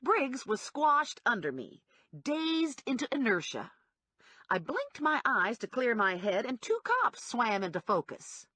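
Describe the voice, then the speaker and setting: A woman narrates a comic audiobook in the first person, her voice bright and full of sweeping pitch changes. There is a touch of breathiness in her tone, and the recording sounds dry and close. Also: unhurried, no room sound. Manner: lively, wide-ranging delivery with acted character voices.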